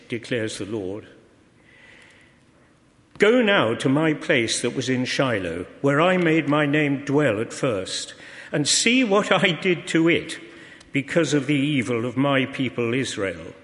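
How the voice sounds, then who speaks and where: A man reading scripture aloud in a measured, solemn, expressive way. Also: on the high side, big-room sound. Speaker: scripture reader.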